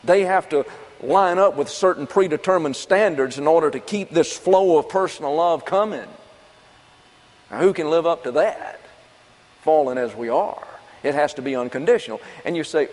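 A man preaching in a folksy, conversational way, tossing out rhetorical questions and answering them himself. His voice sits a bit higher than most men's. It carries through a hall with a long reverb tail. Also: moderate pace, a little mellow. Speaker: pastor. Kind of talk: sermon.

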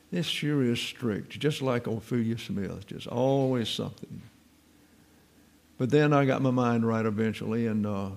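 A man's voice: mid-range voice, creaky, a little mellow. A man giving an informal Bible teaching, mixing scripture points with wry, folksy stories from his own life.

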